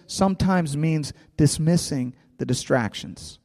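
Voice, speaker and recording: A man preaching a sermon, lively and repetitive, acting out a scripture scene with a volunteer. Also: fairly high pitch, moderate pace. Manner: animated, repeats words, acts out scripture with a volunteer. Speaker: pastor. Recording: long hall reverb.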